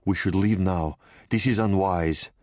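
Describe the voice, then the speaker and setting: A man's voice: sits low, measured pace, dry recording, studio quality. A man doing a wary woman with a faint Russian accent. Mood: unhappy. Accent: subtle Russian. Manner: quiet, clipped, worried. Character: tense young woman bodyguard, wary.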